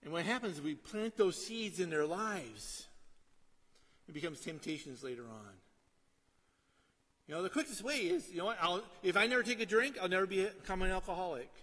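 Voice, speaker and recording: A middle-aged man preaching a sermon in a conversational way, often asking "right?" and dropping to a quiet storytelling tone. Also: sits high, lively intonation, normal speed, husky, big-room sound. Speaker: pastor.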